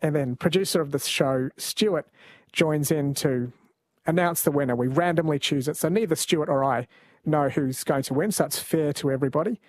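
A man hosting a late-night radio quiz, relaxed and chatty. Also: on the high side, normal speed, no room sound. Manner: relaxed, chatty, laughs easily. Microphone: studio mic.

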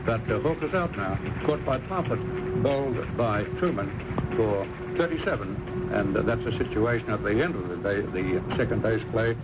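A man giving live radio commentary on a cricket match, measured and halting with fillers. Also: fairly low pitch. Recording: dull archival broadcast with loud background noise.

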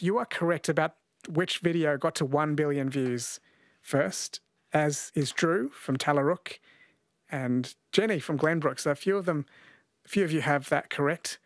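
Male radio quiz host, slightly higher voice, friendly chatty delivery, dry studio mic. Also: moderate pace, dry recording. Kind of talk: radio call-in quiz hosting.

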